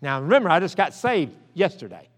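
An older man preaches, his voice pitched high for a man. He moves from folksy, joking stories to fervent appeals. Long reverb from the church hall trails his words. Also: sing-song, a little fast. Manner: folksy storytelling that builds to impassioned preaching. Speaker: pastor. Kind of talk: sermon. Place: church sanctuary.

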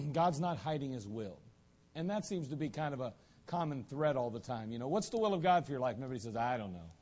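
A man preaching a sermon as pastor, folksy, with joking asides and frequent throat clearing. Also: fairly high pitch, dark tone.

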